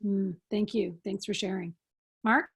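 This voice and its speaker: A woman's voice: mid-range voice, steady tone, a little slow, slightly rough. A woman facilitating a group check-in over a video call, calling on each participant in turn. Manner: warm prompting, calls on each person. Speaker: workshop facilitator.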